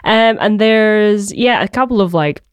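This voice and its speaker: This is a casual podcast chat with a Glaswegian songwriter, who rambles, hesitates, and fills the talk with ums and laughs in his Glasgow accent. He speaks at a measured pace in a medium pitch, and his tone is clear and resonant. The recording is dry.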